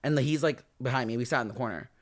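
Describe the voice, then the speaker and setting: Fast-talking animated young man. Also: medium pitch. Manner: animated, acts out quotes loudly, heavy filler "like". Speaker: podcast guest. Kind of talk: casual storytelling.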